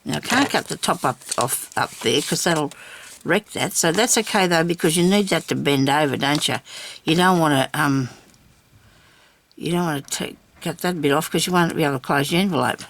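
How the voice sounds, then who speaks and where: A woman's voice: low-pitched, normal speed, a bit bright, no echo. An older woman chatting to herself while she crafts at a table at home. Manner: chatty, talks to herself, laughs often. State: seated, busy cutting and inking. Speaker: crafter hosting a journal video. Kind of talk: casual crafting chat.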